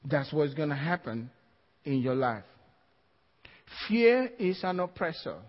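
With a fairly high, sing-song voice and a measured pace, a man preaches emphatically, repeating his key phrases and laughing lightly between points. The setting is a church hall, captured in dull lo-fi sound with long hall reverb.

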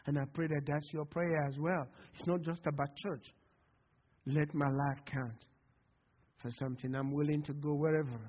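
Impassioned pastor preaching in a reverberant church. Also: male voice, medium pitch. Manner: impassioned preaching, calls of "Amen?" to the congregation. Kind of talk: sermon. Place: church sanctuary. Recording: long hall reverb, dull lo-fi sound.

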